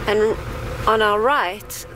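A woman's voice: medium pitch, slow. A woman reporting on location outdoors, asking questions and describing the scene around her as it happens. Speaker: field reporter. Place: outdoors in a vehicle at night. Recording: field recording with vehicle noise.

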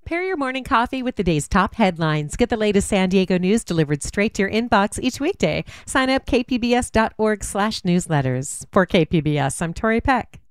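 Woman, radio traffic reporter, brisk and matter-of-fact, smooth clear voice, dry studio. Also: mid-range voice, lively intonation, no echo.

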